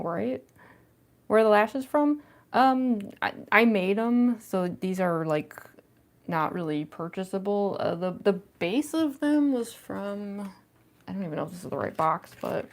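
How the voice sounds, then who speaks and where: Streaming cosplay from her home, a young woman giggles often and responds to chat in a relaxed, casual way. Her medium-pitched voice is expressive and unhurried, picked up by a plug-in mic on her phone.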